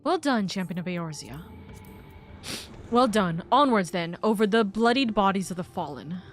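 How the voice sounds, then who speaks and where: A woman's voice: mid-range voice, animated, normal speed, faint music behind, voice pushed down, natural voice. A woman reading a grandiose, mocking male game villain's lines aloud in a formal, theatrical way.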